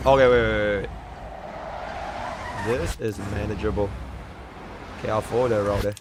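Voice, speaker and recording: A man live-streaming a racing game, talking to chat in excitable, swearing commentary. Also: lowish voice, moderate pace, heavy background noise. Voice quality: excitable, swings from yelling to muttering.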